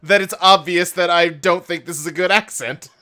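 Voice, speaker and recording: Male game master host, rambling self-deprecating banter, bright crisp voice. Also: sits high, steady tone, moderate pace. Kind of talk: casual podcast banter.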